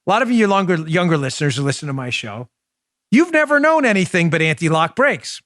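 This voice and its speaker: A man's voice: fairly high pitch, very animated, a little fast, a bit bright, dry recording, studio quality. A man in his forties with a Queens accent, hosting an opinionated talk show, speaking emphatically and asking his listeners rhetorical questions. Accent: New York (Queens). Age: 40s.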